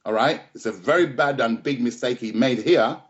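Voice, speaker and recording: A man's voice: mid-range voice, normal speed. Emphatic middle-aged man telling a story. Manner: emphatic, repeats and restarts phrases, keeps checking in with "yeah?". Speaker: boxing trainer and interview guest. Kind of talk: conversational storytelling interview. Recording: slightly dull lo-fi audio.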